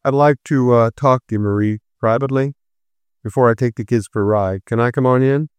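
A man's voice: mid-range voice, fairly quick, clear, resonant tone, no room sound, natural voice. A man voicing an angry estranged father who turns menacing and accusing in a storybook reading. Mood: smooth.

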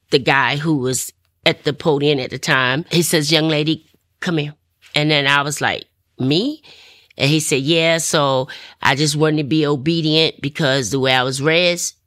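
A middle-aged woman telling a personal testimony story, animated and laughing often as she talks. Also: low-pitched, no room sound, clean studio sound. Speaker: testimony speaker.

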